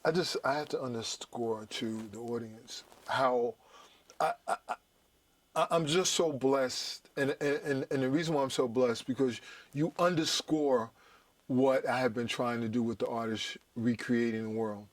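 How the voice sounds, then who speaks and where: A man's voice: mid-range voice, a little slow. A male host speaking earnestly and with emphasis, stumbling over restarts as he praises his guest. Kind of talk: interview.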